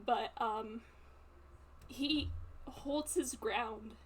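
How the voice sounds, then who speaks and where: A woman describes her character's actions in a tabletop game, slow and hesitant, stopping often to find her words. Her voice sits fairly high. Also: a little hiss or hum. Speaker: player.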